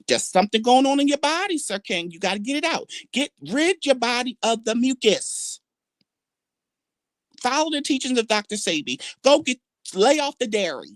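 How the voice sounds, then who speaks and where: A woman hosting a livestream, talking casually in a brash, trash-talking way, drawling some words and swinging her pitch up and down for emphasis. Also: dry recording, studio quality. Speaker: livestream host.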